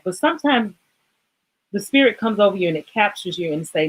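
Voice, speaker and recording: A woman's voice: mid-range voice, fairly quick, poor audio. A woman hosting a casual fitness livestream, talking in a rambling, emotional way, choked up and apologizing as she goes. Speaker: livestream host.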